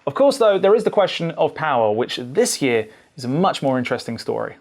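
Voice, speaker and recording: A man giving a relaxed, conversational laptop overview as a tech reviewer, with frequent fillers. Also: fairly high pitch, a little fast. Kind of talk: casual product overview.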